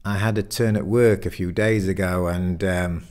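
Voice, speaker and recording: A man's voice: low voice, steady tone, normal speed, a little mellow, close to an everyday voice. A man voicing Peter, a fifty-something man with heart disease, speaking, hesitant and sincere.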